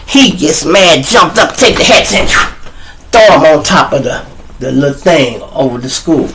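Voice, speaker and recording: A middle-aged man, hosting his show and telling a profane, animated story straight to his audience. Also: a little high, a little slow, slight background noise. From Chicago. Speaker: show host. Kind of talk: storytelling monologue.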